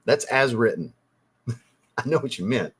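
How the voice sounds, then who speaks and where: Husky-voiced man joking on a livestream. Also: medium pitch, lively intonation, unhurried, a bit bright. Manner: joking, teasing, blunt, swears casually. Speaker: livestream host reading viewer chat. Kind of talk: casual livestream chat.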